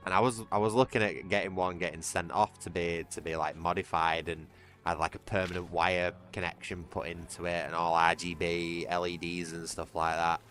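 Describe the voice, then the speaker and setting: A man's voice: deep voice, fairly even intonation, normal speed, fairly bright tone, soft background music. A British man chatting casually on his gaming livestream, rambling with restarts and little chuckles. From Britain. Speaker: streamer.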